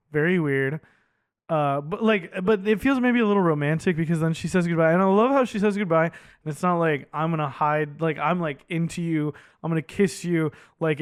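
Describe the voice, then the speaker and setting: Animated, smooth-voiced podcast guy. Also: fairly high pitch, no echo, clean studio sound. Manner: animated, heavy use of "like", swears casually. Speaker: podcast co-host. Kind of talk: casual movie discussion.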